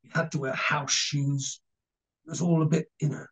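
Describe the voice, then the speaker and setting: A man in his sixties with an English accent, chatting as an interview guest. He tells his stories with lively energy and bursts of laughter, his voice sitting slightly high. The recording sounds dull and lo-fi. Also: normal speed. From England. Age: 60s. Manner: animated storyteller, laughing, mimicking others. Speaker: guest actor. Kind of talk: casual anecdotal interview.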